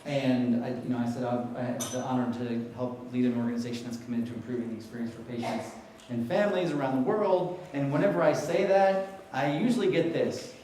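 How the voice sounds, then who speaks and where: Animated male keynote speaker in an echoey hall. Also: mid-range voice, a little fast, a little hiss or hum. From New York. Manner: animated storyteller, asks the audience questions. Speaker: conference speaker. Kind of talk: storytelling keynote talk. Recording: echoey hall, mic heard from a distance.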